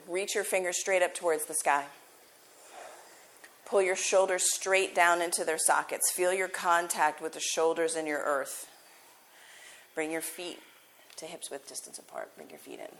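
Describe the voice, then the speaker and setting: A woman yoga teacher giving calm, encouraging cues during a live class in a yoga studio. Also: on the low side, measured pace, pauses often, a little hiss or hum.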